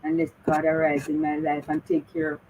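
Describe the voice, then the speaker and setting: Talking on the radio, this Jamaican woman in middle age is a bereaved mother who keeps pressing listeners, earnest and repetitive, in very animated, emotional speech. She has a low, dark voice with vocal fry at a normal pace, and the poor audio includes a little background noise.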